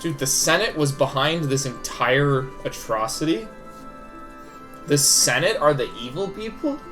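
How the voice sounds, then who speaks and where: A man's voice: on the high side, animated, unhurried, a bit bright. Young male streamer, loose and profane, chatty game commentary, faint music behind. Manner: loose, swearing, chuckling asides. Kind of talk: casual live-stream gaming commentary.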